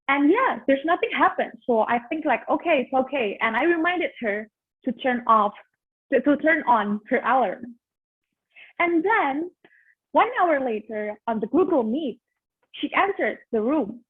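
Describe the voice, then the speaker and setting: High teen girl, tinny phone-like sound. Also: husky. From Indonesia. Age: teens. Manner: lively, animated storytelling with acted quotes. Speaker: student speech contestant. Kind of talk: memorized competition speech, storytelling.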